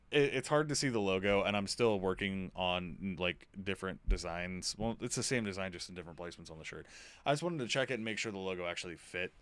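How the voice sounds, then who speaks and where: A man's voice: low-pitched, a bit bright, clean tone, no room sound. A young man streaming a game, chatting casually and rambling while he plays. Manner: rambling, chatty, self-interrupting. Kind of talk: casual live-stream chat.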